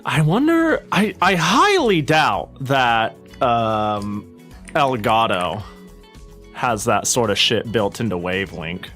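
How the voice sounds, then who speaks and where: Rambling streamer man, lively pitch. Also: slow, soft background music. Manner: rambling, self-interrupting, swears freely. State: slightly out of breath. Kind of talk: casual live-stream chat.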